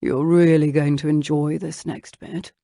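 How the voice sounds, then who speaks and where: A woman's voice: flat delivery, a little slow, vocal fry, mellow, no echo, studio quality. A woman voicing a teasing young nobleman. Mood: murmuring. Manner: teasing, low murmuring delivery. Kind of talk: audiobook character voicing.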